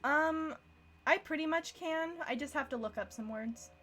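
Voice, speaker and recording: A woman's voice: sits high, moderate pace, fairly bright tone, a little hiss or hum. A young woman giving a casual live-streamed language lesson, chatty and self-deprecating, often laughing at herself. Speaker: language teacher.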